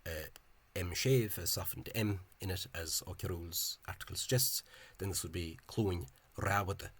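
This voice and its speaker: A man giving an informal spoken lecture over on-screen examples. He talks in a halting, hesitant way and is openly scornful of the official spelling. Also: sits low, steady tone, a bit bright, slightly rough. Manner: hesitant and halting, with frequent pauses and restarts. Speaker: language enthusiast presenting a video lecture.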